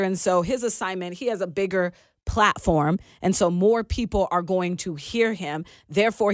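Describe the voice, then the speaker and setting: A woman giving casual spoken commentary on faith, pausing to find her words and reading Bible passages aloud. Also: medium pitch, dry recording, clean studio sound. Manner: conversational, searching for words, reads scripture aloud. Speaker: Christian commentator.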